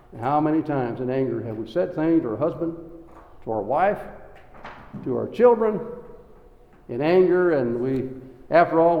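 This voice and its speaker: A man's voice: a little high, dull audio. A man preaching a sermon, folksy, acting out the people in his stories with quoted voices. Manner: acts out Bible figures in quoted voices, folksy asides. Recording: echoey hall with long reverb.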